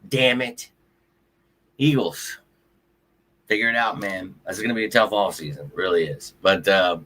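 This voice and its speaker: A man's voice: on the low side, bright, forceful tone. A man hosting a sports livestream, talking casually to his viewers, frustrated and ranting with some cursing. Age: adult with a child. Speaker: sports show host.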